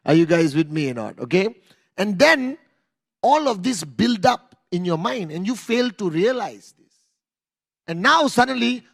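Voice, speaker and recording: A man giving a motivational talk to an audience, telling animated stories, acting out scenes and asking the crowd questions. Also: high voice, unhurried. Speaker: motivational speaker.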